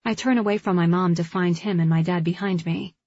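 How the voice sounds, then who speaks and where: A woman reads a first-person novel aloud in a measured, heartfelt way. Her voice is husky and lowish. The recording is dry and slightly dull. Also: fairly even intonation, darkish tone, no echo. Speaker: audiobook narrator. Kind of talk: first-person scripted narration.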